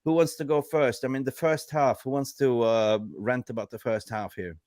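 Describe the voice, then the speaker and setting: A man hosting a casual football reaction show, excitable and full of "like, you know" fillers. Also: mid-range voice, normal speed, no room sound, studio quality. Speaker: host.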